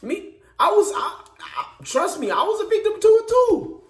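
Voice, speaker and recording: A man's voice: very high voice, sing-song, normal speed, roomy sound. A man preaching informally in an earnest, emphatic way, repeating and restarting his phrases as he builds each point. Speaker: speaker giving a devotional message.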